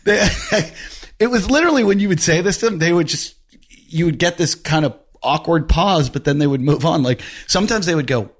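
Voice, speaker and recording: A man hosting a podcast, telling a story in a casual, animated way and laughing often. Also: on the high side, brisk. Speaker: podcast host.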